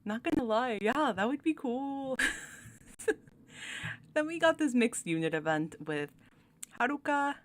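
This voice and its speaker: A woman's voice: lowish voice, a bit bright. A young woman hosting her channel, chatting casually while ranking game cards, giggling often and talking with many fillers and restarts. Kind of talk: casual commentary.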